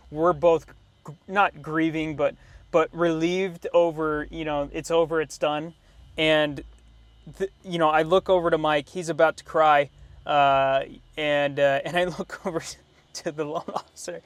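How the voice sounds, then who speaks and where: A young man, a car vlogger, telling a story to camera in a detailing shop, animated and laughing, with many fillers and restarts. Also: a little high, no echo.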